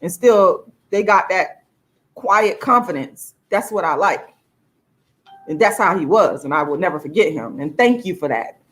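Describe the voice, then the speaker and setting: A woman's voice: expressive, a little slow. Emphatic, profane woman vlogger. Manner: emphatic and profane, with laughs between points; pitch swings widely, often jumping high for emphasis. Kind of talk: casual to-camera monologue.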